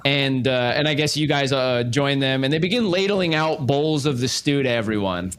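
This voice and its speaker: A man's voice: medium pitch, normal speed, fairly bright tone, slight background noise. A young man narrating as game master in a casual tabletop game, with many fillers.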